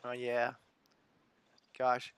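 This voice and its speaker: A man's voice: mid-range voice, completely flat delivery, drawn-out words, crowd noise. A man from the United States hosting a live stream, chatting casually, chuckling and reading viewer comments aloud. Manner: laid-back, chuckling, reads chat comments aloud.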